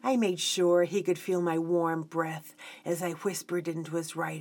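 A woman narrating a first-person story in a slow, hushed manner, often sinking into a whisper. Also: on the low side, fairly even intonation.

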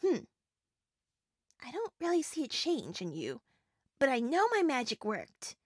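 A young woman voices a small, giggly fairy who grants wishes in an audio role-play, her breathy voice sitting fairly high. She talks slowly and rambles, stammering and filling gaps with ums and little laughs. The recording is dry and close. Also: wildly swooping pitch, no echo, heavily acted. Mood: playful. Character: giggly flustered female wish-granting fairy, small and chatty.

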